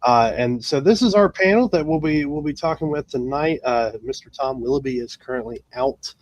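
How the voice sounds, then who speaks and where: A man's voice: medium pitch, moderate pace, dull audio. A man hosting a casual live racing talk show, with many fillers and restarts. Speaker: podcast host.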